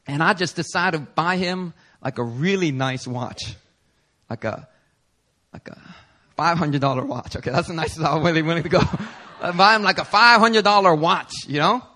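A man's voice: on the high side, normal speed, bright, forceful tone. A male pastor preaching a sermon in an earnest, emphatic way, building intensity through repetition.

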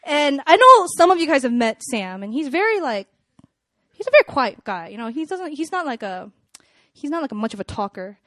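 A young woman speaking to a live audience in a casual sermon style, chatty and animated, with lots of "like" and "you know.". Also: sits high, brisk, no room sound, clean studio sound. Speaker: speaker at a church gathering.

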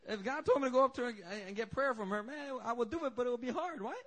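A male pastor preaching a sermon, telling stories in an animated, joking way. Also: extremely high pitch, quick pace. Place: church service.

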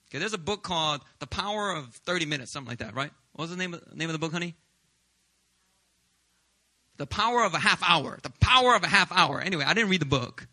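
A man in his thirties preaching a sermon as a pastor, telling lively, joking stories. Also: a little high. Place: church service.

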